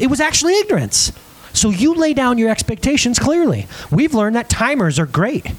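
A man preaching a lively sermon on parenting, acting out scenes and asking his audience questions. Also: extremely high pitch. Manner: animated, acts out scenes in different voices; chatty, asks the crowd questions.

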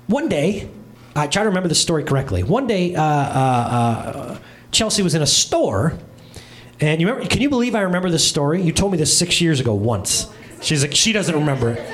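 Preaching a humorous sermon from a church stage, this pastor in his thirties tells stories full of animated comic voices and quick asides. His voice sits a little high.

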